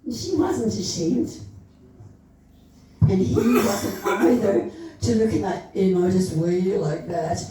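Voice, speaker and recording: A woman's voice: medium pitch, slow pace, long pauses, noisy background. A woman storyteller giving a dramatic literary reading at a live club event, lingering over the words with a savouring, teasing delivery. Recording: very echoey room, voice far from the mic.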